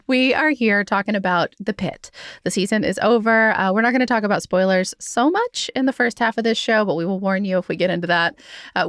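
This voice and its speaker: A woman's voice: mid-range voice, no room sound, clean studio sound. A woman hosting a local podcast, chatting casually with guests and laughing often. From Pittsburgh. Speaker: podcast host. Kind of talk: casual chat and ad reads.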